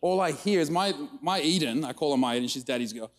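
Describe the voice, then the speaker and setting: An Australian pastor preaching to a congregation, with a fairly high, lively voice. He tells stories in an animated way and acts out the quotes, and the audience laughs along. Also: fast. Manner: storytelling with animated acted-out quotes. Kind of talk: sermon.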